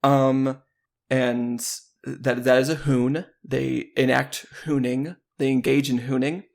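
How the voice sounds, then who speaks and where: Male co-host with a creaky, fry-heavy voice; playful, rambling banter. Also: mid-range voice, level tone, takes it slowly. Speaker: podcast co-host. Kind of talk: casual podcast chat.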